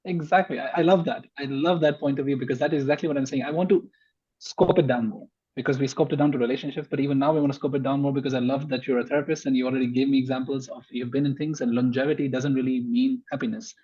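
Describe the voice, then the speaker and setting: Husky-voiced man making his case. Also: mid-range voice, fairly even intonation, quick pace, warm tone, highs cut off. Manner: emphatic, argues point by point. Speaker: podcast guest. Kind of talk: conversational podcast discussion.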